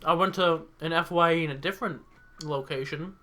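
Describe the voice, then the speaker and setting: A young man co-hosting a gaming podcast, telling an animated story in casual chat and laughing often. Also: a little high, brisk. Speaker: podcast co-host.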